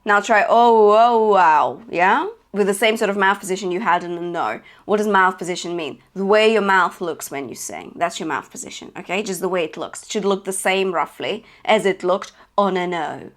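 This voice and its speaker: A woman's voice: medium pitch, moderate pace, few pauses. A woman teaching a singing lesson as a vocal coach, checking in often and demonstrating notes. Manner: encouraging, checks in with "okay?" and "yeah?"; demonstrates sung notes between spoken instructions.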